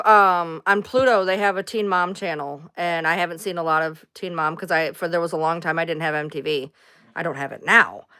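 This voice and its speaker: A livestream host with a lowish, smooth, clear voice and a sharp tone chats casually with her audience. She rambles from topic to topic, replies to viewer comments, and swears now and then.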